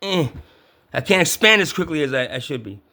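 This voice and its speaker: A man's voice: a little high, big pitch swings, a little fast, pushed and bright, voice pushed down, full character voice. A man voicing the universe as a weary, foul-mouthed dude, griping in casual slang. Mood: exasperated.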